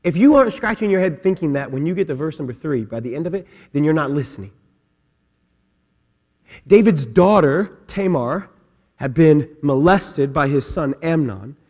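A pastor preaching an impassioned sermon, dropping to hushed tones and then building to shouts. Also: male voice, a little high, expressive, moderate pace, long reverb tail.

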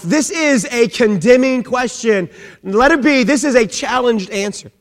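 A man's voice: very high-pitched, animated, normal speed. A man preaching a sermon, emphatic, full of rhetorical questions and lines that open with "man". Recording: long reverb of a large hall.

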